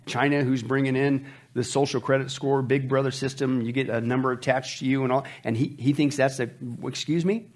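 A man's voice: medium pitch, flat delivery, a little fast, hardly any pauses. A man hosting a commentary show, talking in an emphatic, preachy way and addressing his listeners as folks. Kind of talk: opinionated commentary.

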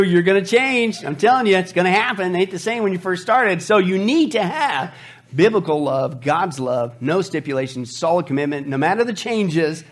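A male pastor preaching a sermon, joking and whooping as he reads scripture aloud. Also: fairly high pitch. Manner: animated, humorous, shouts whoops.

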